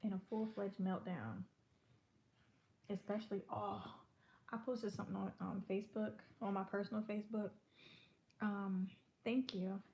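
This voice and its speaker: A woman's voice: medium pitch, steady tone, a little slow, gravelly, pauses often, mellow. Chatty pregnant woman in her twenties. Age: 20s. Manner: rambling, chatty, talks between bites. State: pregnant and full from eating. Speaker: vlogger. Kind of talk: casual chat while eating on camera.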